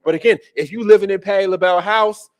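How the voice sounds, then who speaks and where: A man's voice: sits high, fast talker. A man hosting a casual political commentary podcast, ranting with profanity and incredulity and laughing as he goes. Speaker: podcast host.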